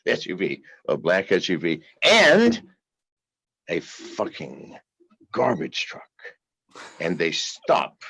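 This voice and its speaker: A man with a very deep voice tells stories in a casual interview, swearing freely and laughing between lines. His voice swings widely in pitch and sounds husky. The recording is dull and dry. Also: a bit bright, no room sound. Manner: profane, laughing anecdotal storyteller.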